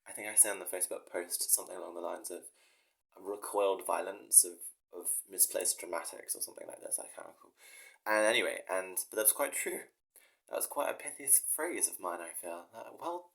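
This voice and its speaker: Man, lowish voice, rambling casual monologue, self-deprecating, swears a lot. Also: moderate pace, vocal fry, fairly bright tone. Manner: self-mocking, swears freely, laughs at himself. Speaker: professor and musician. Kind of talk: rambling casual monologue and reading his own story aloud.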